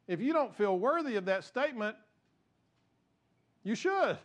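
Preacher guy, high voice, earnest and chatty, keeps restarting sentences. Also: very animated, measured pace, long pauses. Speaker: pastor. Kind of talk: sermon.

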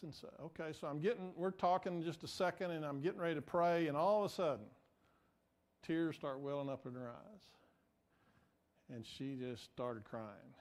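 Speaking at a moderate pace in a slightly high voice, this male pastor tells a story during a conversational sermon, poking fun at himself and performing the quoted voices.

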